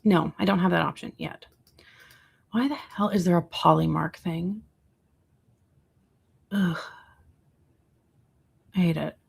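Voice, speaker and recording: Young woman rambling on her livestream, bit of vocal fry, chatting to viewers. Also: fairly low pitch. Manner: chatty, rambling, quick asides to chat. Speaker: livestreaming content creator. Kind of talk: casual livestream chat.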